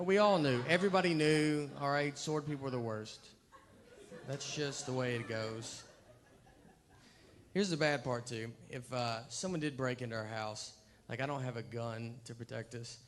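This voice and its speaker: A man performs stand-up in an unhurried, deadpan drawl. He drifts through long, self-mocking stories, trailing off and restarting as he goes. His voice sits at an ordinary, middle pitch for a man. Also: a little hiss or hum. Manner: deadpan, rambling storytelling with self-deprecating asides. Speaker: stand-up comedian. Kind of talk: stand-up comedy.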